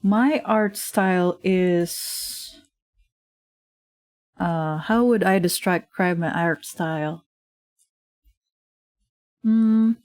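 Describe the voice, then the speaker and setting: Speaking very slowly with frequent pauses, this woman has a fairly low, slightly mellow voice captured in a dry recording. A streamer and digital artist, she rambles through casual livestream chat as she draws, filling gaps with fillers and laughing a lot at her home desk microphone.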